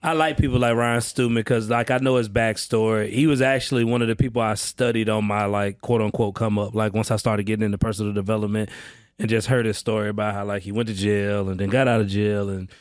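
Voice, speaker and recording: A man who trains salespeople, talking as a podcast guest in an energetic, slang-heavy, street-casual way on a close mic. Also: fairly low pitch, quick pace, no echo. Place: on-site session at a roofing company.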